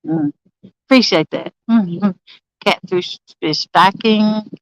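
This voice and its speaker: A woman's voice: mid-range voice, normal speed, a bit bright, smooth, no room sound, poor audio. A woman chatting casually on a live stream from a campsite, greeting viewers by name and laughing often. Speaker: livestreaming angler. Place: campsite outdoors.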